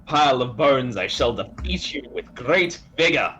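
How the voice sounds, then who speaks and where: A man's voice: mid-range voice, animated, a little slow, fairly bright tone, pitched above the performer's own voice. A man voicing a theatrical male wizard adventurer who makes mock-heroic declarations.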